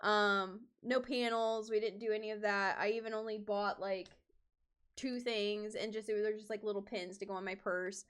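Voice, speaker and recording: A woman's voice: medium pitch, steady tone, normal speed, fairly bright tone, clear, resonant tone. A woman cosplayer chatting casually on her stream, rambling, with many fillers and restarts.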